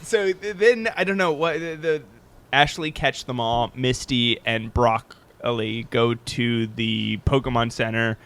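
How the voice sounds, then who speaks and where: A man's voice: medium pitch, measured pace, a bit bright. A man co-hosting a casual podcast, wry and joking, swearing freely. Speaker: podcast co-host. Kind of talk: casual chat.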